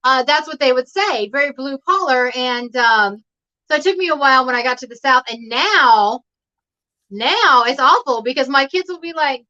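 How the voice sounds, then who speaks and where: A woman's voice: high-pitched, lively intonation, normal speed, sharp tone. A woman talking casually as a guest on a home livestream, rambling and laughing often over a video call. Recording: dull lo-fi stream audio.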